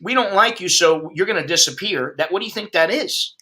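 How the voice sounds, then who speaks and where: This American man in his fifties is an expat vlogger on a livestream, ranting bluntly and profanely as he chats with viewers. His voice is high-pitched, expressive and brisk, with a pushed, bright quality.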